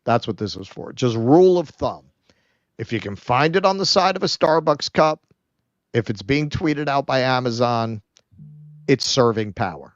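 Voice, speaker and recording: A man's voice: mid-range voice, expressive, no echo. Give me a sardonic man in casual political chat, recorded dull and dry. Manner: sardonic, with quick asides and restarts. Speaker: co-host of a political stream. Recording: dull lo-fi sound.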